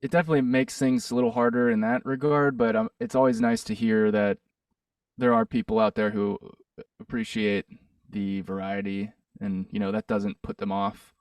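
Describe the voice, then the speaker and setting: Rambling musician with a gravelly voice. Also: male voice, lowish voice, moderate pace, no echo, distant mic. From Pittsburgh, USA. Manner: rambling, hesitant, with many fillers and restarts. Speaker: musician guest. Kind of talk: casual interview chat.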